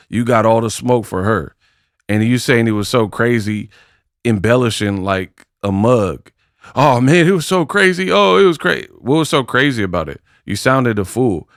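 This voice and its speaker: A man's voice: fairly low pitch, dry recording, studio quality. Mocking man giving slangy boxing commentary. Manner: mocking, slangy, laughs at clips. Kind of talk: casual commentary reacting to clips.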